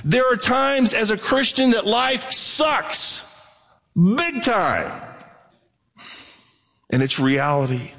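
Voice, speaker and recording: A male pastor delivers a sermon with a fairly high voice. He talks plainly and bluntly, swinging from excited bursts to hushed asides. Long reverb from the church hall trails his words. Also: slow, pauses often.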